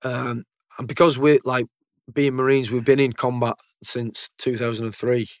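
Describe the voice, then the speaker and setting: A British man, a military veteran, tells stories casually in conversation, speaking bluntly, swearing freely, and repeating words as he goes. His mid-range voice has little pitch movement and a moderate pace, captured in studio-quality sound with no room sound.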